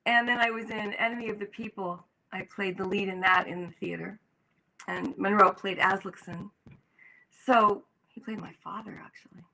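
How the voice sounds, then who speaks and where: Older woman, actress guest, animated storytelling, bright crisp tone, acts out quoted voices. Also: medium pitch, normal speed, poor audio. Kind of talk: storytelling in an interview.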